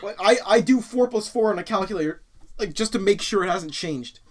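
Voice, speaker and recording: A man's voice: high-pitched, fairly quick. A man hosting a casual podcast, joking around, swearing freely and reading out listener comments. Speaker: podcast host.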